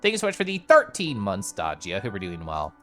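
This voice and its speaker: Brief: excitable streamer, lively swooping voice, mumbles then bursts out, game music under it. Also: low-pitched, quick pace. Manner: chatty, excitable, reads chat aloud; swings from mumbled to loud bursts. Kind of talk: casual gameplay commentary.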